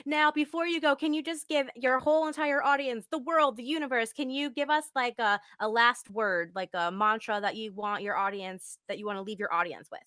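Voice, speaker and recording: A woman's voice: fairly high pitch, a little fast, few pauses, bright, forceful tone, no room sound. A young woman hosting a live video podcast interview, bubbly and gushing, laughing often. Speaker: podcast host and acting coach. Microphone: video call.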